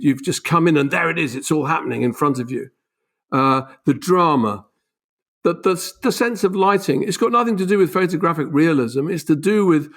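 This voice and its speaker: Animated man explaining with emphasis. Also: on the high side. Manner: animated, emphatic, voice leaps up on key points. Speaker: author and podcast guest. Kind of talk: conversational explanation.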